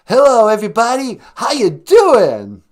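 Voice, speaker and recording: A man putting on a loud, showy impression of a flamboyant male rock singer. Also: very high voice, wildly swooping pitch, measured pace, voice pushed up, heavily acted.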